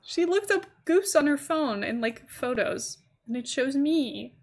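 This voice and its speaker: A woman's voice: high voice, lively intonation, unhurried. A woman streaming a game live, chatting casually and giggling as she talks to her chat. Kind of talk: casual gaming livestream chat.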